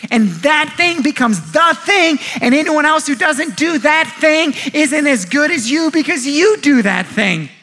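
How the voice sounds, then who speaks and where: A man in his thirties preaching a sermon, animated, acting out quoted voices and often repeating words as he goes. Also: very high-pitched, unhurried, hardly any pauses. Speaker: pastor.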